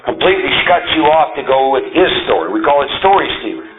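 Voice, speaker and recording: A man giving a talk to a recovery group, emphatic and animated, often checking in with the audience. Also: fairly high pitch, fast talker, narrow, tinny audio, over music. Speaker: recovery meeting speaker.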